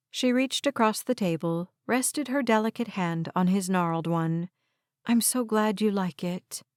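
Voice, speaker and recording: A woman reading audiobook narration in an even, measured way. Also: lowish voice, no echo, studio quality.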